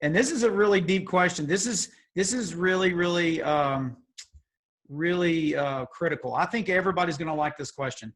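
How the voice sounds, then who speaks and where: A man's voice: fairly high pitch, normal speed, a bit bright. A man leading a youth group on a video call, joking and teasing as he asks would-you-rather questions. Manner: playful, teasing, chatty asides. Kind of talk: casual video call hosting.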